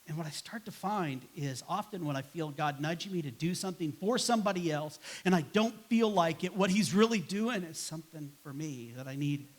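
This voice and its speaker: A man's voice: a little high, expressive, fairly quick, hardly any pauses. A man preaching a sermon as pastor in a church, casual and conversational, acting out grumbling replies to make his points. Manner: conversational, acts out quoted voices with a sigh and grumble.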